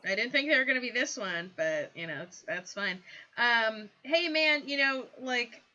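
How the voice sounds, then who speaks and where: A woman's voice: fairly high pitch, lively intonation, moderate pace, pushed and bright, highs cut off. A woman hosting a casual comedy show over a video call, upbeat and playful. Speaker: host.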